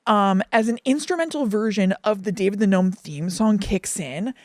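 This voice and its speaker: A woman's voice: medium pitch, normal speed, no echo, studio quality. A young woman co-hosting a podcast, recapping a cartoon episode in casual chat and getting emotional as she goes. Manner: animated, laughing and crying while retelling. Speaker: podcast co-host.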